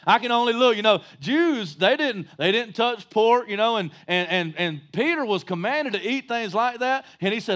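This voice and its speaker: A male pastor preaching a sermon in a folksy, joking way, rising to shouts for emphasis. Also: high voice, expressive, normal speed, hardly any pauses.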